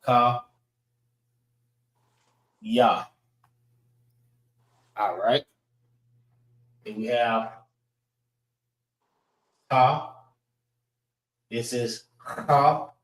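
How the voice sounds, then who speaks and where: Slow, deliberate man teaching letters. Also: mid-range voice, steady tone, roomy sound. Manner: slow, repetitive drilling of letter sounds. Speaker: class instructor. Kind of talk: teaching a Hebrew alphabet class. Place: classroom.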